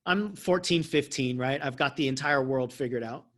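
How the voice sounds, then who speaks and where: A man's voice: medium pitch, moderate pace, fairly bright tone. A man who works as a life coach, telling a story in a casual, self-mocking way and laughing often.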